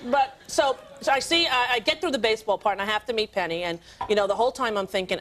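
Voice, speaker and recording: A woman in her thirties, a talk show guest, telling comic stories in an animated way and doing voices of the people in them. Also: fairly high pitch, fast talker, hardly any pauses. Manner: animated, does voices of family and stars. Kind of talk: comic storytelling. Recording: archival TV tape, faint hiss.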